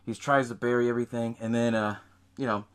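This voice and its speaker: A man's voice: mid-range voice, steady tone, fast talker, clean tone. A man hosting a podcast, casually recapping a horror film in a rambling, profane way. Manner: rambling, profane, laughs at own retelling. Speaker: podcast host.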